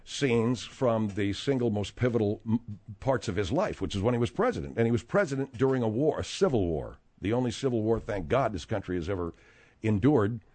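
A man hosting a talk radio show, rambling and animated, with frequent restarts as he talks. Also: on the low side, a little fast. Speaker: radio host.

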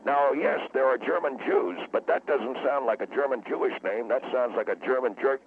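A man's voice: mid-range voice, normal speed, slight background noise, close to an everyday voice. A man voicing a blustering radio guest who gets wound up, insults people and rants. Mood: lecturing. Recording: phone line.

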